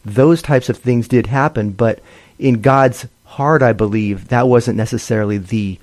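A man co-hosting a ministry broadcast, talking about healings in an earnest, measured way. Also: mid-range voice, darkish tone, no echo. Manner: earnest and measured, with many fillers. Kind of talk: conversational broadcast testimony sharing.

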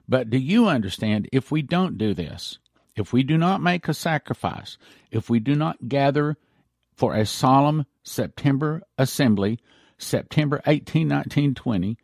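A male pastor preaching a broadcast sermon, emphatic and repetitive, slowing down to read passages aloud. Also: medium pitch, darkish tone, no room sound, studio quality.

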